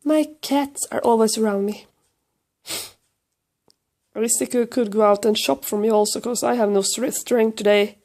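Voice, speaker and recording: A hoarse woman with a Swedish accent, lying on her couch at home with a cold, chatting casually to the camera and baby-talking to her cat in a rambling, self-mocking way. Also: a little high, steady tone, normal speed, long pauses, darkish tone. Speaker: vlogger filming her cat.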